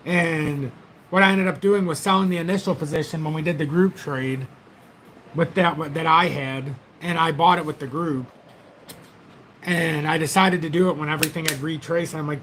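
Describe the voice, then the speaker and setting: A man's voice: fairly high pitch, fairly even intonation, brisk, a bit bright, a little hiss or hum. A man hosting a casual crypto livestream, rambling and chatty as he talks straight to his viewers through a tablet's built-in mic. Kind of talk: casual livestream market commentary.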